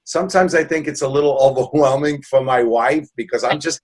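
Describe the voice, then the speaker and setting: A man's voice: medium pitch, brisk, darkish tone. A man in his sixties from New York City, telling stories in an interview in an earnest, joking way with many restarts. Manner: earnest, jokey, rambling with restarts. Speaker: guest. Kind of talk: casual interview storytelling.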